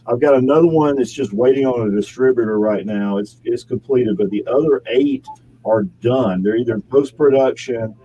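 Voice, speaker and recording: A man's voice: mid-range voice, normal speed, dark tone, muffled recording, slight background noise. A man, an actor, chatting casually in an interview and rambling with restarts and corrections. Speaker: actor guest.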